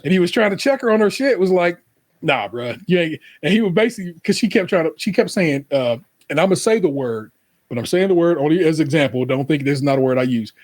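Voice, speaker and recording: A man's voice: on the high side, fast talker. A man co-hosting a podcast in loose, profane casual chat, telling stories and putting on voices for quotes. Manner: loose, profane, animated storytelling with put-on quotes. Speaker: podcast co-host.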